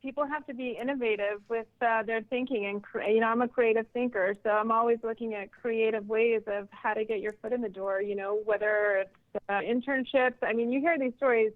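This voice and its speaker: A woman's voice: fairly high pitch, fairly even intonation, fairly quick, dry recording. Woman on a tinny phone line. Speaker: guest, creative director. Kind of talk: casual interview answers. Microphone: phone call.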